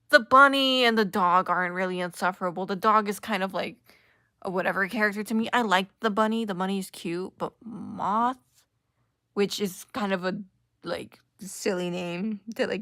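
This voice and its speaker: A woman's voice: mid-range voice, pushed and bright, no echo, clean studio sound. A young woman giving a sarcastic, casual commentary rant full of filler words. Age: young adult. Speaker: commentary YouTuber.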